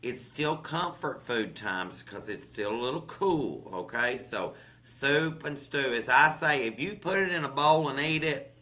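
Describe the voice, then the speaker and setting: A chatty Southern man with a bright, forceful voice, talking through recipes in a loose, folksy way. He keeps checking in with listeners with an "okay?" and calls them "honey". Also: medium pitch, animated, a little slow, hardly any pauses. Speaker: chef and podcast co-host. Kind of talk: casual cooking chat.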